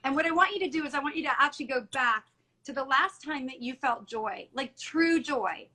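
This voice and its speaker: A woman's voice: sits high, lively intonation, a little fast, pushed and bright, rough recording. A middle-aged woman talking earnestly and emotionally in an interview, often retelling conversations. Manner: earnest and emotional, many restarts and quoted dialogue. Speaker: salon owner guest. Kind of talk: candid interview talk.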